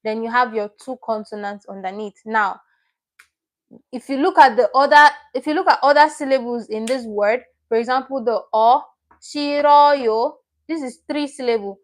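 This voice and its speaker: A woman with a slightly high voice and normal pace teaches Korean over a livestream. She patiently explains step by step, saying each taught word twice.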